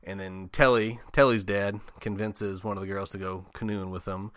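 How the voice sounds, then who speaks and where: Profane, joking man with a bright voice. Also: on the low side, fairly even intonation, moderate pace, clean tone, dry recording, clean studio sound. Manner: profane, joking, acts out characters' lines. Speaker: podcast host. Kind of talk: casual movie recap.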